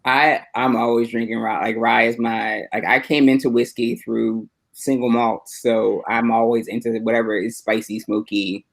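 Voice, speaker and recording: A man rambling through casual chat on a livestream, relaxed and wandering, heard over a video call. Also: mid-range voice, normal speed, creaky, hardly any pauses, low-quality recording. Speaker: panel guest.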